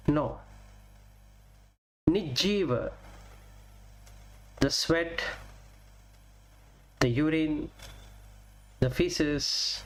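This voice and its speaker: A male Buddhist teacher with a somewhat high voice delivers a Dhamma talk. He purposefully names Pali terms, then clarifies every one in plain English, drawing on examples from daily life.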